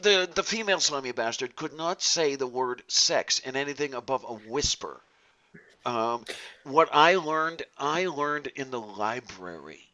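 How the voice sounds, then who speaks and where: A man's voice: mid-range voice, lively intonation, measured pace, pushed and bright. A man hosting a casual live-stream chat, rambling and joking as he talks. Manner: rambling, jokey, playfully mangles grammar. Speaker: stream host. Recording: dull lo-fi stream audio.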